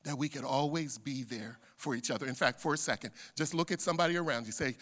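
A middle-aged male pastor preaching a sermon, dropping to hushed asides and rising to loud shouts. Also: medium pitch, quick pace, hardly any pauses. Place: church sanctuary. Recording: long church hall reverb.

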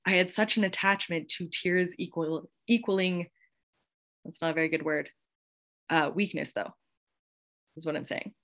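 A woman's voice: lowish voice, fairly even intonation, normal speed, pauses often, a bit bright. A woman in her thirties hosting a podcast, talking in a casual, gushing motivational monologue and laughing often. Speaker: podcast host.

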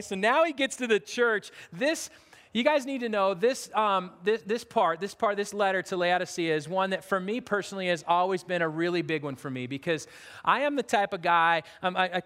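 A man's voice: high voice, fairly bright tone. A man preaching a sermon as pastor, in casual, repetitive talk with frequent restarts. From United States. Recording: long hall reverb.

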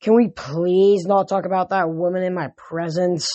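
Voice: mid-range voice, sing-song, normal speed, highs cut off. Reader playing a dramatic goddess queen. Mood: chiding. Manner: sighing and theatrical.

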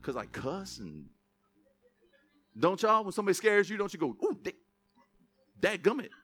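A man preaching a lively sermon in church, reading scripture and mixing in joking asides to the congregation. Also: high voice, moderate pace, soft background music. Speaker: pastor.

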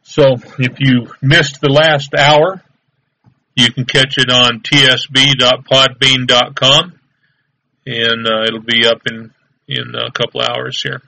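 Bright-voiced easygoing male show host. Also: mid-range voice, level tone, takes it slowly, vocal fry, poor audio. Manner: easygoing, rambling with fillers. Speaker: internet radio show host. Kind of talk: casual live show chat.

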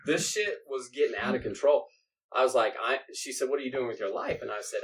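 A laid-back man tells a story in casual chat. He is relaxed and swears freely, drops into flat quotes of other people, and breaks into laughs along the way. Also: medium pitch, quick pace, a crowd in the background, poor audio. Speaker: podcast co-host telling a story.

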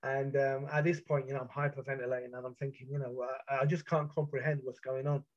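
A British man telling a first-person account of a past ordeal, intense and halting, with frequent restarts. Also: medium pitch, flat delivery. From Britain. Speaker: storyteller. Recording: muffled lo-fi recording.

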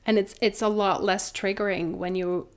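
A woman's voice: mid-range voice, level tone, normal speed, clear, resonant tone. A woman in her thirties, a mother and doula, telling her own story in an earnest, reflective way with many restarts. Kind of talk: personal storytelling in conversation.

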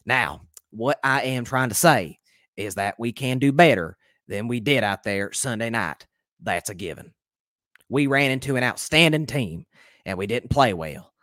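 A man doing an impression of an older male football team owner, speaking slowly and haltingly with drawn-out fillers. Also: lively intonation, a bit bright, no echo, studio quality. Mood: reassuring. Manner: slow, low, halting delivery with drawn-out fillers. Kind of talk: impression within sports commentary podcast.

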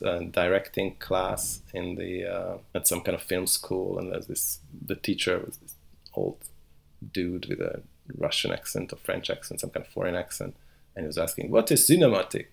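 A man's voice: sits low, vocal fry. A middle-aged man, a philosopher, talking as a podcast guest with many restarts and hesitations. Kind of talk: podcast interview.

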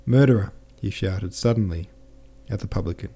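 A male audiobook narrator reads a classic novel in a measured, careful way, stopping now and then to fix an occasional slip. His low voice is strikingly dark and mellow.

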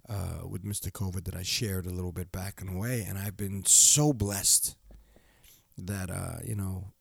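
A man's voice: fairly low pitch, darkish tone, no echo, studio quality. A middle-aged man hosting his own podcast, talking in a rambling, heartfelt way with lots of fillers and restarts. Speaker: podcast host. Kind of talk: casual solo podcast monologue. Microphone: close studio microphone.

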